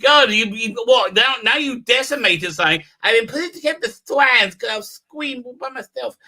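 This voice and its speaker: A man hosting a live stream, talking in a sarcastic, profane way and often breaking into shouts. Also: extremely high pitch, lively intonation, fairly quick. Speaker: show host. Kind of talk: mocking live stream commentary.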